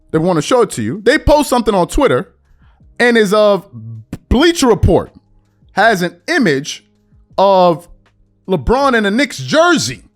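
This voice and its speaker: A New man riffs on basketball in casual, slang-heavy talk, his voice sitting high and swinging widely in pitch. He slips into fans' voices as he goes. Faint music runs underneath. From New York. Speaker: podcast host. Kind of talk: casual sports commentary.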